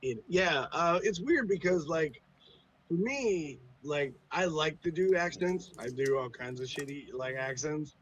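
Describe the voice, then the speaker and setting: A man's voice: on the high side, animated, unhurried, lo-fi sound, slight background noise. A man who runs tabletop games, talking in a laid-back, profane way as a podcast guest. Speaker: podcast guest, game master. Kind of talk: casual chat.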